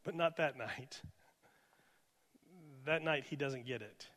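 A male pastor preaching a sermon with dynamic delivery, moving from loud emphasis to hushed near-whispers. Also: medium pitch, slow pace. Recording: reverberant hall.

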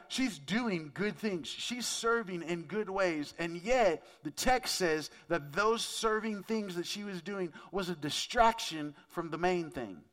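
Conversational male pastor, slightly high voice. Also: pushed and bright. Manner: conversational, asks the audience questions. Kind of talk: sermon.

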